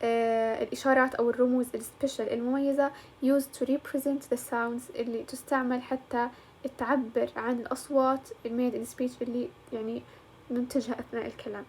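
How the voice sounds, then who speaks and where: A woman teacher walks through a lesson step by step. She talks in a fairly high voice. She moves easily between English and colloquial as she explains. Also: little pitch movement, very fast, a little mellow, slight background noise. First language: Arabic.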